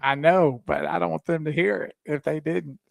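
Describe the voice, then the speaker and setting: Chatty radio co-host with a dry studio sound. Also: male voice, fairly high pitch, fairly even intonation, moderate pace, vocal fry, dry recording. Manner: chatty, laughs along, walks listeners through steps. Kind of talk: radio talk show banter and listener announcements.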